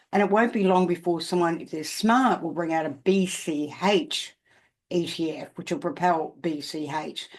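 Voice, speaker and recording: An older Australian woman with a deep, darkish voice talks casually to camera about markets as a crypto commentator. She's emphatic and keeps checking in with "okay?".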